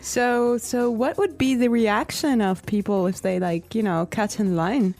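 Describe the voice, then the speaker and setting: Woman, co-host, slow clear teaching, light music. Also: a little high, darkish tone. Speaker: podcast co-host. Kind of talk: English lesson chat.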